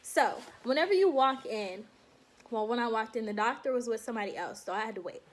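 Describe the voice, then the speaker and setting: A young woman vlogging to her viewers in a casual, animated storytelling way, laughing often and calling them y'all. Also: a little high, fairly quick. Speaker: vlogger recounting her enlistment processing.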